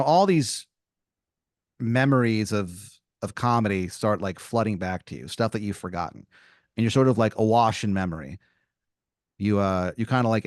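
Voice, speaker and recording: A man's voice: lowish voice, no room sound, clean studio sound. A man hosting a podcast, improvising a comedic scenario in a rambling style full of "like" and "you know.".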